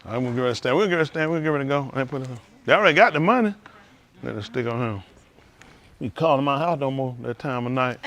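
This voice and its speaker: A man's voice: medium pitch, racing. A man hosting a livestream, talking casually and joking, acting out quoted voices. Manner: animated storytelling, acting out quoted voices, laughing. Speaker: livestream host at a congregation.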